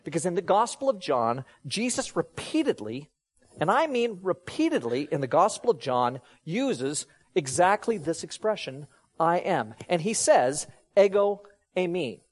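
A man preaching a sermon to a congregation, teaching with lively emphasis and dropping to hushed low tones. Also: a little slow, breathy edge. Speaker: pastor.

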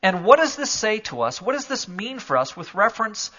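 A man preaching a sermon to a church congregation, moving from calm explanation to loud, emphatic declarations. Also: high voice, brisk, dull audio. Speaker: pastor. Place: church sanctuary.

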